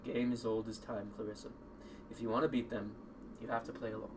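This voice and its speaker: A man voicing a calm, guarded middle-aged uncle in a crime family, speaking low and measured. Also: close to an everyday voice. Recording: distant mic with noticeable noise.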